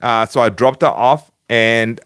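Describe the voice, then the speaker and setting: A man's voice: mid-range voice, steady tone, unhurried, fairly bright tone, smooth, no room sound, clean studio sound. A man hosting a casual fan live stream from home, chatting with viewers by name and using lots of fillers and restarts. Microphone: home streaming setup with webcam.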